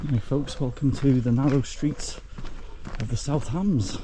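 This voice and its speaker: A chatty man talks straight to his viewers as he walks through country lanes and coastal paths, calling them folks. His voice sits at an ordinary middle pitch. The outdoor camera audio carries clear background noise and wind. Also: normal speed, dark tone. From Wales. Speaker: travel vlogger. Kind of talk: casual walking vlog.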